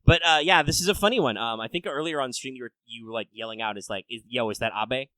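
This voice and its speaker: Bright-voiced man rambling on a podcast. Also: mid-range voice, fast talker, dry recording, rough recording. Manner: rambling, profane, swings between loud rants and mutters. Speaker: podcast host. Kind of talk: casual podcast chat.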